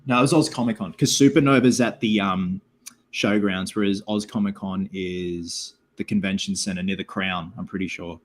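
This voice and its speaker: Chatty Australian man, low voice. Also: fairly even intonation, normal speed, slight background noise. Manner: chatty, loose, reads out viewer comments; filler-heavy, keeps saying like and man. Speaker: live stream host. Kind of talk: casual live stream chat.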